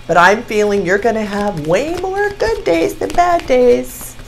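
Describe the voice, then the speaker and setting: A woman's voice: on the high side, measured pace, a little hiss or hum, low-quality recording. Gushing woman in her sixties reading tarot. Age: 60s. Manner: gushing, excitable, exclaims over cards. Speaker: tarot reader. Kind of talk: casual tarot reading to camera.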